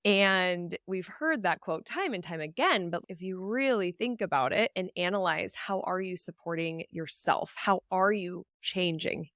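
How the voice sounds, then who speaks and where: Upbeat woman podcast host, low smooth voice. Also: a bit bright, no echo, studio quality. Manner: enthusiastic, upbeat, heartfelt. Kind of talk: solo podcast recap.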